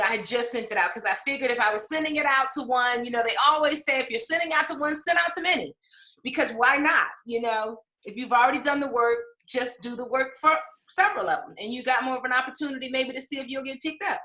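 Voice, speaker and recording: A woman's voice: on the high side, fast talker, bright, forceful tone, echoey room, low-quality recording. A woman author and English professor telling her publishing story in an interview, emotional and laughing often, with frequent fillers. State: tearful at times.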